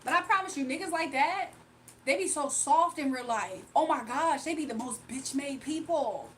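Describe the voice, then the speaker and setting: A woman's voice: high voice, expressive, moderate pace, distant mic, slight background noise, low-quality recording. A woman livestreaming a card reading, ranting bluntly to her chat with repetitive rhetorical questions. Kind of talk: heated livestream rant to chat.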